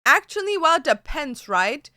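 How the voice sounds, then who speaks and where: A woman's voice: high-pitched, very animated, moderate pace, bright, forceful tone, dry recording, studio quality. A young woman chatting casually on a livestream, peppering her talk with "like" and swearing. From Germany. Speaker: streamer. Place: home.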